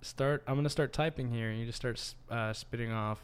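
A man's voice: mid-range voice, steady tone, brisk, clear, resonant tone. A man hosting a podcast in easygoing casual chat, laughing often. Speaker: podcast host.

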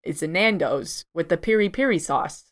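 Woman doing a low mock chicago accent, pushy local who lectures you. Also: lively intonation, moderate pace, close to an everyday voice. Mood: insistent.

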